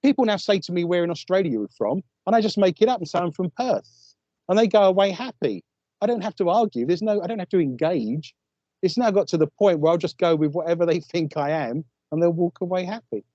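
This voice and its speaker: A man with an East London English accent, a guest telling wry, animated stories in a casual interview. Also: high-pitched, fast, dry recording, lo-fi sound. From England. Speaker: guest, paranormal investigator.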